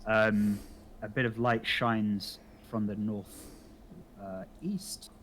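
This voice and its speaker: A man narrating a tabletop game as dungeon master, halting and full of fillers. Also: on the low side, steady tone, a bit bright. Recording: faint background noise.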